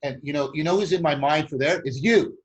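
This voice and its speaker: A man's voice: fairly high pitch, brisk, muffled recording. A man hosting a conversation, explaining a group process at length with many restarts and frequent tag questions. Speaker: host.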